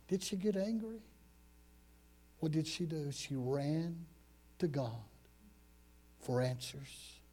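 A man preaching a sermon, retelling a story with dramatic swings from loud to hushed and frequent repeated words. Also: on the high side, expressive, takes it slowly, long pauses.

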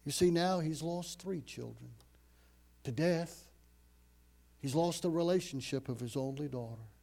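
A man preaching a sermon dramatically, rising to loud emphasis and dropping to hushed, low phrases. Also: unhurried, creaky.

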